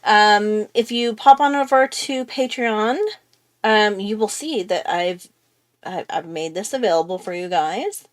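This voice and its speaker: Woman doing a live drawing tutorial, chatty, rambly, thinks out loud as she goes, mid pitch. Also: a little slow. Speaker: art tutorial host.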